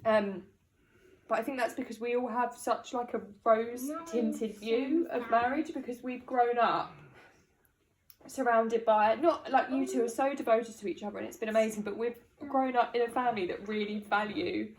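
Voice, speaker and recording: A woman's voice: on the high side, fairly even intonation, normal speed. A woman giving a family celebration speech, laughing often, emotional, and reading out rhyming verse. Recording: echoey room.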